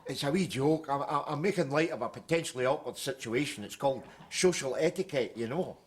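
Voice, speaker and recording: A man's voice: medium pitch, brisk, husky, close to an everyday voice. An actor with a Glaswegian accent playing a sarcastic, mocking Glasgow man in a sitcom. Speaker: lodger in a politician's home. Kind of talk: sitcom acting.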